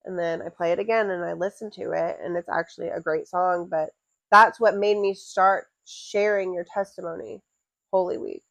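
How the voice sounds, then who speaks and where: A young woman co-hosting a podcast, telling stories with animated energy and frequent swearing. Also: fairly low pitch, moderate pace, vocal fry, no echo, poor audio. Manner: animated storytelling, often swearing and laughing. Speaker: podcast co-host, fighter's wife. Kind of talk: casual chat.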